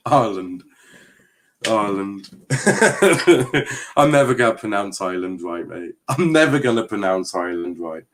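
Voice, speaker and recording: Chatting casually while hosting a live stream, an Englishman reads viewer comments aloud with sarcastic remarks, laughs a lot, and repeats words. He has a lowish, expressive voice and speaks at a measured pace with frequent pauses.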